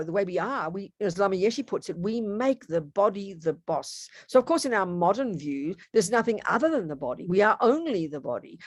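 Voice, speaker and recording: A woman teaches Buddhist philosophy in a relaxed, talkative way, with playful asides and quick self-corrections. Her voice sits at a middle pitch. The sound is dry and close, with no room echo. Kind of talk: casual dharma teaching talk. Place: home room.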